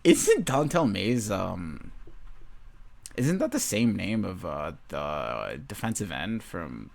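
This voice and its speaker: Young man, casual sports chat, unhurried pace, profane, rambling, laughs often. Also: sits low, wildly swooping pitch, vocal fry, darkish tone. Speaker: host.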